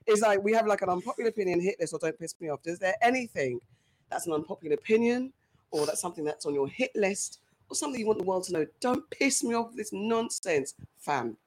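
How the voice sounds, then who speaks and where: A woman hosts a relaxed podcast chat. Her voice swings widely up and down as she jokes and laughs, and the sound is close and clean. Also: medium pitch, fast talker, low-quality recording. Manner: lively, loud laughs, playful. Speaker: podcast host.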